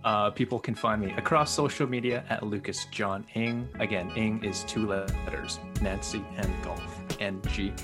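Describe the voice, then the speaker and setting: A man's voice: lowish voice, normal speed, few pauses, over music. A man hosting a podcast, casual and encouraging as he wraps up with his guests. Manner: upbeat, encouraging. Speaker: podcast host. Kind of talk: casual chat.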